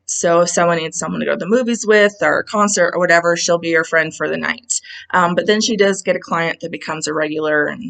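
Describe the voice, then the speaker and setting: A woman's voice: on the low side, creaky, fairly bright tone, low-quality recording. A woman casually presenting her novels from home in a video call, chatty and full of ums and asides. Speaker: author presenting her books. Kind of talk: casual talk about her books.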